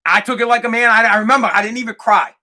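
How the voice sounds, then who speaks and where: A man, hosting a podcast and telling a rambling, profane story in a casual, animated way. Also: very high voice, very fast. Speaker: podcast host.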